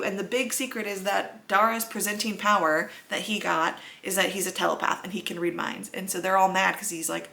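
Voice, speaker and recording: Gravelly, bright-voiced woman vlogger. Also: mid-range voice, normal speed, few pauses. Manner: blunt and profane. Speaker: book vlogger. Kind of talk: casual ranting vlog.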